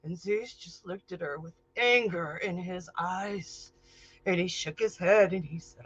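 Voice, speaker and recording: A woman's voice: fairly low pitch, unhurried, slightly rough. A woman hosting a show, telling a myth in an emotional style that builds to intensity, on a dull, lo-fi recording. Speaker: storyteller and psychic host. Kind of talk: dramatic myth storytelling.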